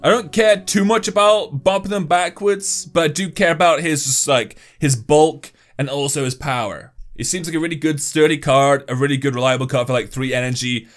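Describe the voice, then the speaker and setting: A young man commenting on his own mobile game matches, excitable, swinging between hype and grumbling and swearing when things go wrong. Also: fairly high pitch, normal speed, hardly any pauses. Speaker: gaming YouTuber. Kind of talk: gameplay commentary. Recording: faint music behind.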